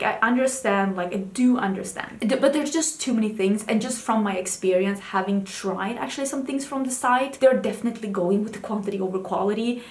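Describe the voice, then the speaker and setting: A woman beauty vlogger talking casually and candidly about new makeup releases. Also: echoey room. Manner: chatty, candid, talks to her cat in a high baby voice. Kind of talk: casual chat.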